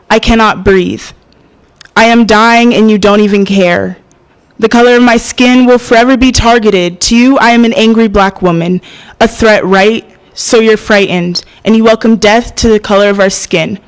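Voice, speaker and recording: A young woman performing spoken word poetry at an open mic, hesitant and soft-spoken between poems, passionate when she recites. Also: mid-range voice, fairly even intonation, normal speed, smooth, rough recording. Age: young adult.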